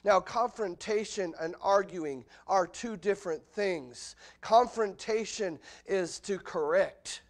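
Animated preacher, higher-voiced man. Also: takes it slowly, hardly any pauses. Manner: animated preaching, voice jumps high and loud when acting out quotes. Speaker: pastor. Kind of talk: expository sermon. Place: church sanctuary.

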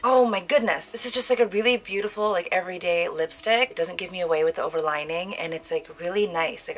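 A woman's voice: fairly low pitch, a bit bright, poor audio. A young woman beauty vlogger gushing over lipsticks in a casual review at home, recorded on a camera mic and peppered with "like". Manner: bubbly and gushing, heavy use of "like".

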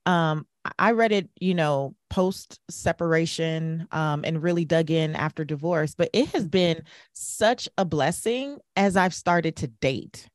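A middle-aged woman hosting a podcast interview, talking emphatically with quick restarts and asides. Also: low-pitched, no echo, studio quality. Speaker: podcast host. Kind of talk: conversational interview.

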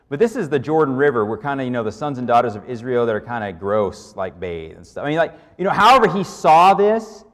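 A male pastor delivers a lively, conversational sermon in a church, his pitch rising and falling with animated swings. He keeps pausing to check in with the room, and a long hall reverb trails after his words. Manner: lively, checks in with "okay?" often.

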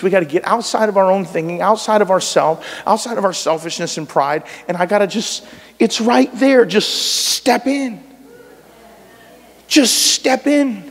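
A male pastor preaches in a high voice that rises to near shouts and drops to quiet asides. His delivery is conversational and animated, like talking straight to the congregation. The sound carries a long church reverb. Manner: animated and conversational, swings between loud and soft. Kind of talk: sermon. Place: church sanctuary.

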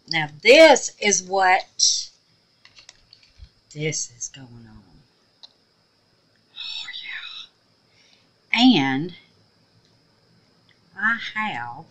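A woman chatting to her viewers while making resin crafts, often trailing off into quiet muttered asides. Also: medium pitch, lively intonation, slow, long pauses. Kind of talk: casual crafting vlog.

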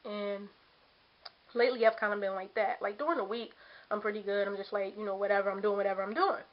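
A woman's voice: mid-range voice, little pitch movement, fast talker, highs cut off. A young woman venting frankly to the camera from her bedroom, rambling with lots of "you know" and "like". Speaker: vlogger. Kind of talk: casual venting monologue to camera. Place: bedroom at home.

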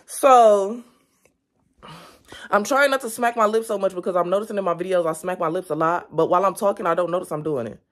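A woman's voice: mid-range voice, a little fast. A young woman, chatting casually to viewers in her vlog from home, talking straight to the camera. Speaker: vlogger. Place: at home, indoors. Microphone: camera on a stand.

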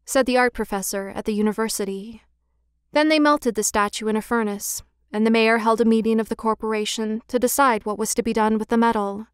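A woman narrating a classic fairy tale audiobook in a measured, expressive reading style, on a close mic. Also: on the high side, clean tone, no room sound. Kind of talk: scripted storybook narration.

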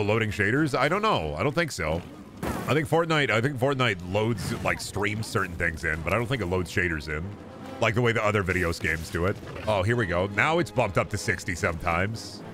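A young man casually commentating his gameplay, rambling, joking and swearing freely. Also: lowish voice. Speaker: streamer. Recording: game music playing behind.

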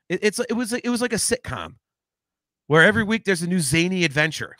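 A man chatting on a podcast, his pitch sitting a bit high and swinging widely as he rambles. He keeps restarting his sentences and swears freely. The sound is dry and close. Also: a little fast, dry recording. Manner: animated, rambling with frequent restarts and profanity. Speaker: podcast co-host. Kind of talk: casual chat.

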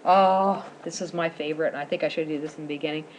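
A woman's voice: deep voice, steady tone, fast, a little hiss or hum, low-quality recording. A woman, chatting casually to camera as she shows off her groceries at home. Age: 40s. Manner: chatty, rambling, giggly. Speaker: vlogger showing a grocery haul.

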